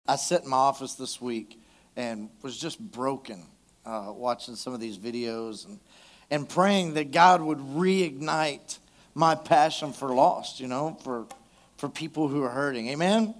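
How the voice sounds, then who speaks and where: A man's voice: mid-range voice, measured pace. A male pastor preaching a live sermon at a church service, talking conversationally and calling out to the congregation for responses.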